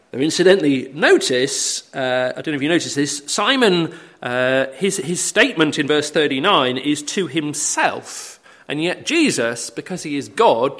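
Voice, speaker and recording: A man's voice: a little high, fairly bright tone. A man preaching a sermon, explaining a Bible passage as a story, with frequent hesitant fillers.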